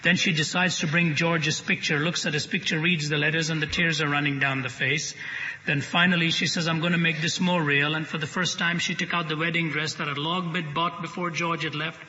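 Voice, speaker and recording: A male preacher tells a story to a live audience with dramatic timing and dry humor. His voice is bright, forceful and slightly high. It rings with long hall reverb on a dull, muffled broadcast. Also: level tone, a little fast. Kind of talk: sermon storytelling.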